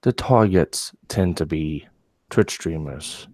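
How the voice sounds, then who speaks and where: A man putting on a low, sultry voice to read an article aloud deadpan. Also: no echo, full character voice. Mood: deadpan sarcastic. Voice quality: low, slow, deadpan delivery. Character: deep sultry-voiced male article reader. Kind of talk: reading an article aloud in a put-on voice.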